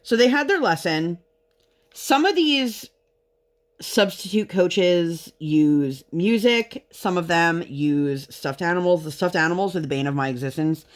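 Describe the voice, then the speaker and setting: A woman vlogger and parent telling a story in relaxed, chatty conversation, often drifting into tangents. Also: lowish voice, unhurried. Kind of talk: casual chat while crafting.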